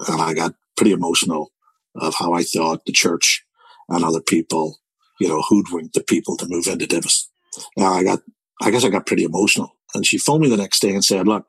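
Here a Belfast man in his sixties, a guest in a storytelling conversation, rambles through a long personal tale in his Northern Irish accent, often repeating words. His deep voice is husky and slightly bright, captured in a dry but poor-quality recording.

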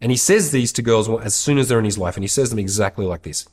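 A man's voice: on the low side, fast talker, a little mellow. A man hosting an advice show, talking through a listener's question in a blunt, candid way with casual swearing.

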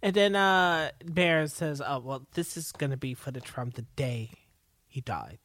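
A podcast co-host walking through scenes in casual recap chat, the pitch rising and falling a lot. This host keeps quoting what the characters said. The sound is dry, with no reverb. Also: animated, measured pace, a bit bright.

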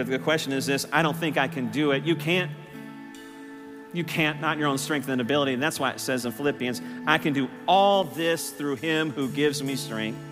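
A man preaching a sermon to his church, impassioned, his voice rising loud and high on key lines. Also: in a large hall. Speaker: pastor. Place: church sanctuary.

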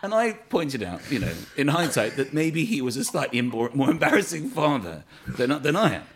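A man telling long, self-deprecating stories in a loose, rambling way, often restarting his sentences. His pitch swings widely, from low asides up to loud, high shouts. He sits at a middling pitch. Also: sing-song, normal speed, very noisy. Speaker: comedian guest. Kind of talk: anecdotal chat.

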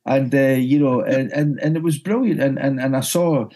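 Glaswegian man telling a lively anecdote. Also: mid-range voice, normal speed. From Scotland. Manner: animated, repeats words when excited. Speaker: broadcaster and music journalist guest. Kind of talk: anecdotal storytelling.

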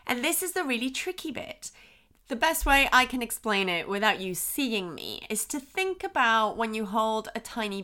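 Bright, expressive woman podcast host. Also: on the high side. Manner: expressive, acts out soothing and frustrated voices as examples. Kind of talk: podcast advice talk.

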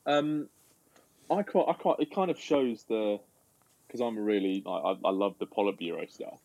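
A man's voice: fairly low pitch, moderate pace, darkish tone, no echo, dull audio. A man on a film podcast panel, enthusiastic and repeating words as he searches for them. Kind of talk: casual chat about a film.

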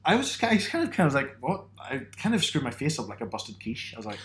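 A man's voice: mid-range voice, sing-song, fast, fairly bright tone. A man from Northern Ireland in a casual podcast chat, telling stories with self-mocking humour and frequent laughs.

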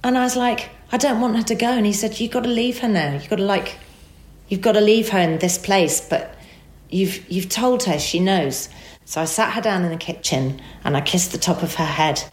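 A woman telling an emotional personal story as a guest, animated and acting out the dialogue. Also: mid-range voice, moderate pace, echoey room.

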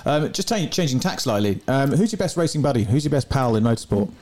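A man's voice: mid-range voice, lively intonation, fast talker, darkish tone. A man co-hosting a podcast, chatting casually and putting questions to his guest. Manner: conversational, asks questions. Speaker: podcast co-host. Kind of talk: casual interview chat.

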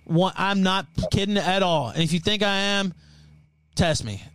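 High-voiced man ranting furiously. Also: normal speed, clear, resonant tone, no echo. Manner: profane, threatening, heated and loud. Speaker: livestream host. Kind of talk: angry livestream rant.

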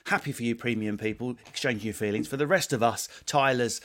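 A man's voice: medium pitch, fast talker, fairly bright tone. A man hosting a podcast, talking in crude, joking banter. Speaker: podcast host. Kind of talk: comic podcast monologue.

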